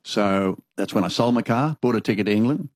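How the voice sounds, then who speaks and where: A man's voice: fairly low pitch, brisk, no room sound. Australian older man telling stories. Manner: animated anecdotal storyteller, acts out dialogue. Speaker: interviewee. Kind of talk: storytelling conversation.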